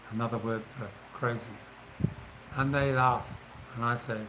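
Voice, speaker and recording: A man's voice: mid-range voice, steady tone, normal speed, fairly bright tone, a little hiss or hum, low-quality recording. A man, casually telling anecdotes and laughing as he goes. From England. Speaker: vlogger. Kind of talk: casual storytelling.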